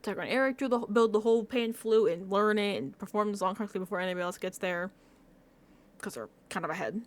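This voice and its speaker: A young woman casually recapping a reality show, talking in rambling, animated bursts with frequent restarts and casual swearing, close to a desk mic at home. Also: medium pitch, quick pace. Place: home room.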